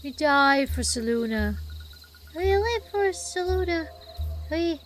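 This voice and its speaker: A woman reading out the repeated chant of a fervent female cult member from a game, in a slow, steady cadence. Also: sits high, slight background noise.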